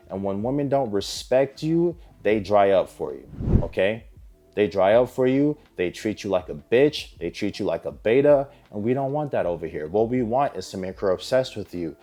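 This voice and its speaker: A man's voice: lowish voice, mellow. A man giving dating advice straight to camera in a blunt, emphatic way, swearing freely. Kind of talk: direct-to-camera advice monologue.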